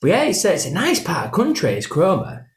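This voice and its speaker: A man's voice: sits high, wildly swooping pitch, a little fast. A man with a Yorkshire accent co-hosting a podcast, chatting casually in jokey, rambling banter. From Yorkshire, England. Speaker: podcast co-host. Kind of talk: casual chat. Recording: echoey room.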